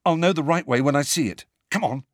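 Man doing a tense, determined teenage boy, forceful, urgent, a bit raised in pitch, lively audiobook read, dry sound. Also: moderate pace, no echo.

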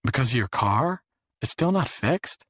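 A man's voice: mid-range voice, lively intonation, unhurried, fairly bright tone, dry recording, clean studio sound, voice pushed up. A man reading an audiobook, voicing a casual young woman with an offhand, breezy manner.

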